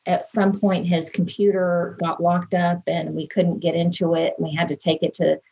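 A woman's voice: on the low side, little pitch movement, moderate pace, gravelly, mellow, breathy edge. A woman in an interview, earnestly and emotionally recalling events from her own life. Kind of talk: personal recollection in an interview.

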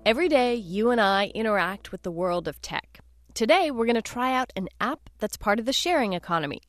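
A woman's voice: a little high, lively intonation, fairly quick, no room sound. A woman hosting a radio show, introducing segments and chatting with upbeat, playful patter. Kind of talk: casual radio interview.

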